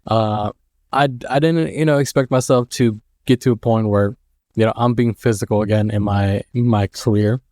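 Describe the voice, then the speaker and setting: A man in his thirties giving casual vlog advice, rambling and halting. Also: fairly low pitch, fairly even intonation, darkish tone, no echo, clean studio sound. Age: 30s. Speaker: mail carrier and vlogger.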